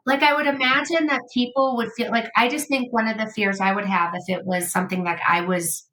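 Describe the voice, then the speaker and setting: A woman's voice: a little high, fairly even intonation, fairly quick, bright, forceful tone, slight background noise, low-quality recording. A middle-aged woman hosting a podcast, chatting in a rambling way with lots of "like" fillers. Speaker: podcast host. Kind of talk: casual interview chat.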